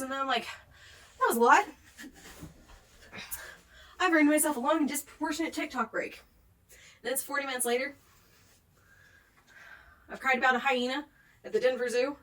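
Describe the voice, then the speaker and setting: A woman's voice: sits high, fairly bright tone, distant mic. A young woman ranting in a book vlog at home, rambling and swearing, worn out after a day of crying. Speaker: book vlogger. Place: home, with pets nearby.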